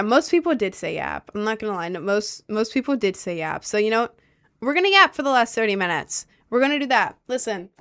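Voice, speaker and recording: A young adult woman livestreaming, chatting casually and reacting to her chat with lots of slang and quick asides. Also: mid-range voice, fairly bright tone.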